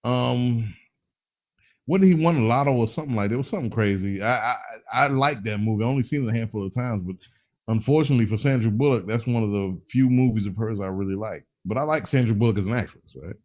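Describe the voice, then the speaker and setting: A man's voice: medium pitch, fast talker. A man hosting a podcast in casual chat, rambling and slangy with many restarts, a little tipsy. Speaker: podcast host. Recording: dull lo-fi recording.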